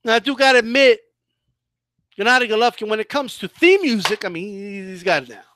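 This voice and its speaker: A man hosting his own boxing channel, giving casual, animated commentary with a mocking edge and frequent restarts. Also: high-pitched, a little fast, slight background noise.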